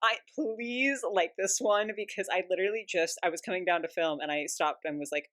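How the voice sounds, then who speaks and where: A woman vlogger chatting casually to camera about her hobby, giddy and breathless with excitement and breaking into giggles. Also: lowish voice, a little fast. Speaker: doll collector vlogger.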